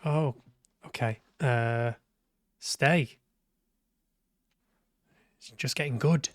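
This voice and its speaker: A man's voice: medium pitch, extremely slow, no room sound, studio quality. A man streaming a horror game, joking and talking back to its characters, swearing now and then when startled. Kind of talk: live gameplay commentary.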